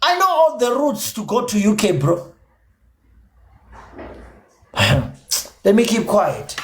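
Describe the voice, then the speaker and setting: A man's voice: sits high, wildly swooping pitch, takes it slowly, a bit bright. A South African man with a Zulu accent, holding forth on his own livestream in a heated rant. He is combative and swears freely. He drops in and out of Zulu mid-sentence as he scolds his viewers. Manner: combative, profane, mixes English with Zulu. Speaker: livestream host.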